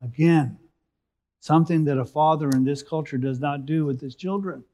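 A man preaching a sermon, reading scripture and explaining it, rising for emphasis and then dropping to a soft close. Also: a little high, normal speed.

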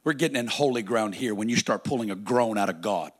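A man preaching a sermon, dramatic, swinging between loud declarations and hushed, drawn-out lines. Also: on the low side.

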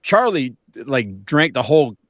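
A man in his forties hosting a podcast, animated and wary, talking in quick asides. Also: mid-range voice, no echo, studio quality. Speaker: podcast host. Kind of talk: casual podcast chat.

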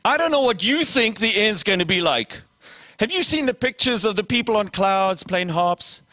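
A man preaching a sermon in a lively, conversational way, acting out short exchanges and calling questions to his listeners. His voice sits a little high for a man. The sound is dry and close, with no room echo. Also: normal speed. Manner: animated preaching with acted dialogue and audience questions. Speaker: pastor.

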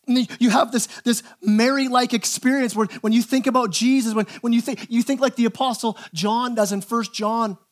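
High-voiced pastor preaching with animated energy. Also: male voice, fairly quick, hardly any pauses. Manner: animated, acts out quoted voices, repeats words when starting phrases. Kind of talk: sermon.

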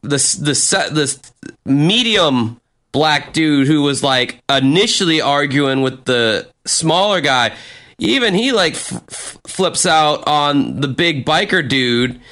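Guy telling a rowdy bar story, bright voice, kinda high, acts out all the yelling. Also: slow. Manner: animated, acts out quotes with profanity. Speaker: storyteller on a chat podcast.

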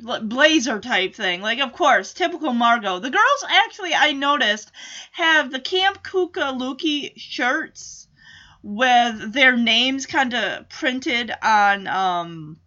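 A woman's voice: on the high side, sharp tone, highs cut off. A woman casually recapping a TV episode in a chatty way, with frequent laughs and filler words.

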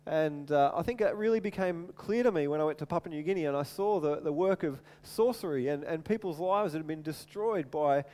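Male preacher, sermon, animated storyteller, high smooth voice, large hall, long reverb. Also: brisk, few pauses. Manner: animated storytelling, acts out voices, repeats words.

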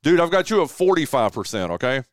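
Laid-back male host with a fairly high, smooth voice, recorded dry and close. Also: big pitch swings, quick pace, no echo. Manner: laid-back, says "dude" a lot. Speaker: radio show host. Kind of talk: casual radio chat.

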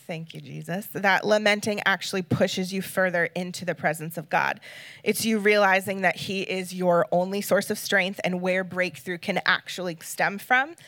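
A woman's voice: mid-range voice, fairly bright tone, no room sound. A woman guest speaker giving an earnest, emotional sermon, reading scripture and talking casually with fillers.

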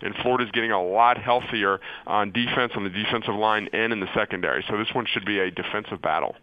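A man's voice: lowish voice, fast, no room sound. A man analyzing college football as a guest on a sports radio show. He talks in a thinking-aloud way, hesitant and full of restarts. His voice comes over a slightly muffled, dry remote line.

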